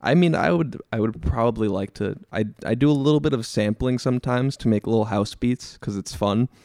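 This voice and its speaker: A young man chatting casually as a podcast guest, relaxed and laughing, a bit self-deprecating. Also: mid-range voice, fairly quick, creaky, dry recording, studio quality. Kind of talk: casual chat.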